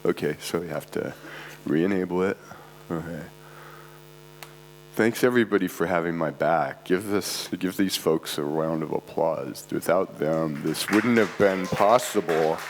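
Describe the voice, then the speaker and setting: A man's voice: sits low, measured pace, low-quality recording. A congested man giving a rambling, casual conference talk with offhand asides, recorded at a live event. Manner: casual, digressive, self-deprecating asides. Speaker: conference presenter. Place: art club event space, live audience. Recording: faint mains hum.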